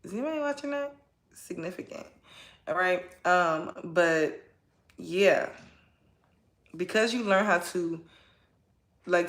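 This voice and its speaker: A woman with a fairly low voice gives a relaxed tarot reading in a rambling, chatty way, often checking in with her listeners. Her voice carries a noticeable echo from the room around her. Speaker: tarot reader. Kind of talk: casual spoken tarot reading.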